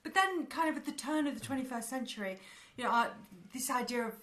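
A woman's voice: high voice, animated, quick pace, fairly bright tone. Chatty woman explaining history. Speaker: podcast co-host. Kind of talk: casual chat.

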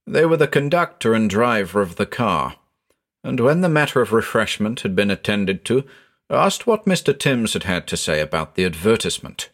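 Expressive low-voiced male storyteller. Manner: measured, expressive reading. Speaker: narrator. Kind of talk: storybook narration.

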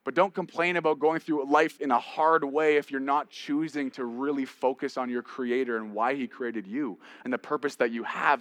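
A male pastor preaching in a mid-pitched voice, swinging from forceful emphatic peaks to hushed storytelling. The sound is dry and close, with no room echo. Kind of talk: sermon.

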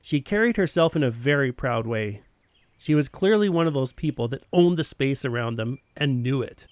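A man's voice: mid-range voice, animated, moderate pace, no room sound. A man telling a first-person story in a plain, wry narrating voice.

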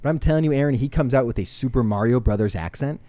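A young man co-hosting a podcast, rambling eagerly through his film opinions with lots of restarts. His voice sits in a middle pitch. The recording is dry and close. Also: fast talker, mellow, no room sound. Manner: rambling and enthusiastic, many restarts. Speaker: podcast co-host. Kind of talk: casual film review chat.

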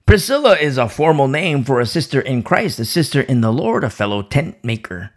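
Male Bible teacher with a sore throat, lively swooping delivery, restarts often. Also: medium pitch, brisk. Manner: animated, repeats words and restarts often. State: sore throat, pausing to sip coffee. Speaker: preacher.

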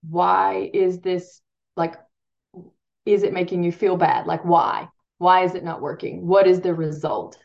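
A woman's voice: fairly low pitch, measured pace, gravelly, darkish tone. Chatty woman parenting coach, dull lo-fi sound. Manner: rambling, self-interrupting, laughs at herself. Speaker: parenting coach and podcast guest. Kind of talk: casual conversational interview.

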